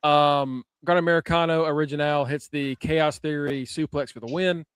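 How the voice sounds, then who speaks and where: A man's voice: on the high side, normal speed, a little hiss or hum. A man co-hosting a wrestling podcast, recapping the show in casual chat and acting out what wrestlers said. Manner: animated storytelling, acts out quotes. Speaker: podcast co-host.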